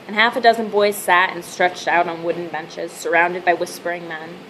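A woman reading a novel aloud as narrator with a steady, measured delivery. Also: fairly low pitch, a little hiss or hum, low-quality recording. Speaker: audiobook narrator. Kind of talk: scripted narration.

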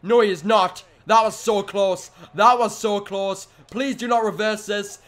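A man with a high voice gives loud, excitable play-by-play as he plays a video game. He swings between low groans and sudden shouts, swears casually and says many lines twice. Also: a little slow, hardly any pauses. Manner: swears casually and repeats phrases. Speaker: gaming video host. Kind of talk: excited let's-play commentary.

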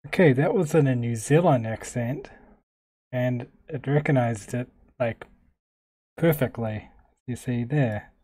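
A man talking casually while demonstrating software on his computer, thinking aloud in a relaxed, chatty way. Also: medium pitch, a little slow, slightly rough. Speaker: tech vlogger. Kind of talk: casual screen-recorded tech demo.

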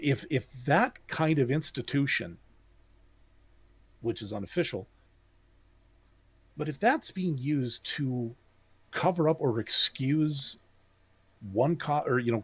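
A man's voice: mid-range voice, husky, dry recording. A podcast co-host from Canada, a man chatting casually, emphatic and opinionated, often tripping over his words. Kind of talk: casual chat.

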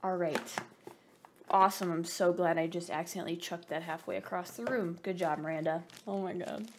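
A young woman vlogging an excited unboxing, bubbly and gushing, rambling with self-mocking asides and over-caffeinated giddiness. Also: on the low side, brisk, slight background noise. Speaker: gaming vlogger.

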